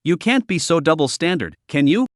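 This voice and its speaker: A man's voice: fairly high pitch, sing-song, brisk, no echo, clean studio sound. A man voicing a blunt, cool-headed young woman who questions others sharply. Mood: cold.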